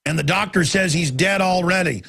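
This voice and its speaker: A man hosting a talk radio show, ranting intensely and swinging from shouts to low, urgent tones. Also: moderate pace, creaky, husky. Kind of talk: impassioned talk radio monologue.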